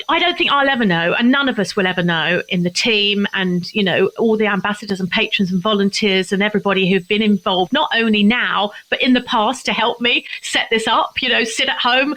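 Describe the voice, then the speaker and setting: A woman's voice: on the high side, pushed and bright, low-quality recording. An older woman from England, a charity founder, answering interview questions in an earnest, heartfelt way, close to tears at times.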